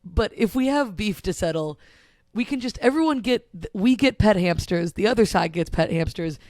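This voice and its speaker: A woman co-hosting a comedy podcast, telling a story in casual banter, giggling and swearing in fast bursts. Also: mid-range voice, animated, darkish tone, no room sound, studio quality. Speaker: podcast co-host.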